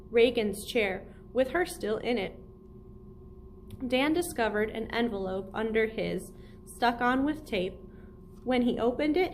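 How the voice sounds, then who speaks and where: A woman librarian reading a middle-grade novel aloud in a clear, steady storytelling voice. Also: a little high, a little hiss or hum. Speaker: children's librarian.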